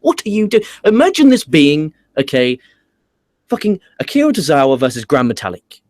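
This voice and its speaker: A man's voice: fairly high pitch, moderate pace, no echo. A man with an English accent hosting a casual wrestling review, ranting and swearing as he talks. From England. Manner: profane, animated ranting. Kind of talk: casual podcast chat.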